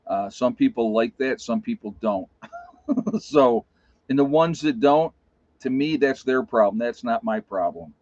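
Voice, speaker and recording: A man's voice: medium pitch, a little slow, a little mellow, no room sound. A man hosting a casual live stream, talking bluntly and telling stories to his chat. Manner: blunt, plain-spoken storyteller. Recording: dull lo-fi sound.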